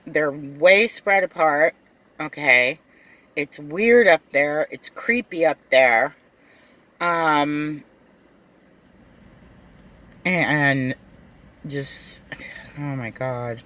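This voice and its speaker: A rideshare driver tells a story in a casual vlog, speaking slowly and unhurriedly. The voice is bright and forward. The delivery is animated, and the driver slips into both sides of the dialogue. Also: medium pitch.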